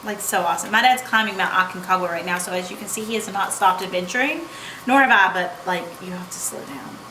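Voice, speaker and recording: Speaking quickly in a lowish voice, a young American woman tells a casual travel story for her vlog, gushing and bubbly and peppering it with "like" and "oh my gosh." The room echoes, and faint background noise sits underneath.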